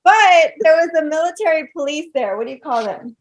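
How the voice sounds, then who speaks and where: A woman from South Texas with a high voice tells stories on a podcast. She is animated and chatty and fills her talk with little fillers. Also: fairly quick. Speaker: guest. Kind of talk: casual podcast storytelling.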